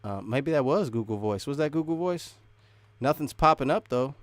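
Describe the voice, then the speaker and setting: A man's voice: medium pitch, animated, normal speed, no room sound. A man hosting a casual live stream, rambling and restarting sentences as he chats with viewers. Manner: rambling, restarts often, laughs between thoughts.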